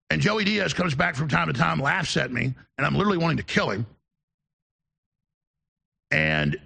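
Gravelly, husky-voiced male host. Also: on the high side, bright, forceful tone. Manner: rambling, digressive anecdotes. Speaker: show host. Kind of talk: casual on-air storytelling.

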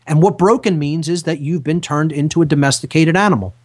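A man's voice: fairly high pitch, a little fast. A man hosting a talk radio show who speaks emphatically, repeating key phrases in a lecturing manner. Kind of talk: impassioned talk radio monologue.

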